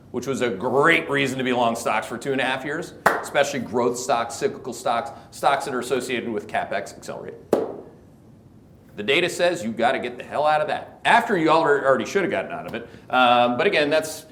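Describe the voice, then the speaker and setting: A man with a Canadian accent hosting a market commentary show, talking in an animated, emphatic, joking way that circles back on itself. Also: mid-range voice, noisy background. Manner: animated, emphatic, jokey, repeats words. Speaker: host. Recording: echoey room.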